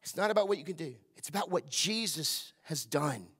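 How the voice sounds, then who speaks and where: Pastor preaching, high-pitched. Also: male voice, animated, brisk, slightly rough. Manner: preaching with call-and-response, dropping to a hushed voice for quoted lines. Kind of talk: sermon. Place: church service.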